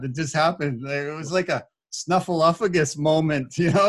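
A man, a podcast guest, telling a story in a casual, animated way, laughing often and acting out what people said. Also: on the high side, moderate pace, few pauses. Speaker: podcast guest, corporate speaker.

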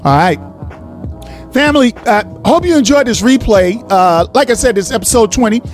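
High-pitched host guy, blunt and cussing, casual radio rant, faint music behind. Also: expressive, moderate pace. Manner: blunt, profane, ranting.

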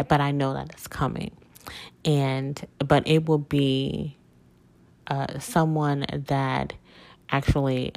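A woman's voice: rumbling low, no room sound. A woman hosting a spiritual podcast, talking about her life in a heartfelt, rambling way with lots of fillers and restarts. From southern United States. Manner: heartfelt, rambling, frequent fillers and self-corrections. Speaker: podcast host. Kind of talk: casual personal monologue.

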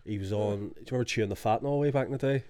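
A man's voice: medium pitch, racing, dark tone, no room sound, clean studio sound. A Scottish man chatting casually as a podcast co-host, telling sweary stories and bantering. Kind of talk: casual chat.

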